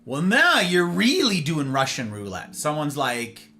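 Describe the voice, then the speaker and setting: Streamer host, male, bright tone, animated rambling chat, faint guitar underneath. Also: fairly high pitch, measured pace. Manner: rambling, animated, acts out little dialogues. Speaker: livestream host. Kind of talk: casual chat with live viewers. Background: faint guitar music.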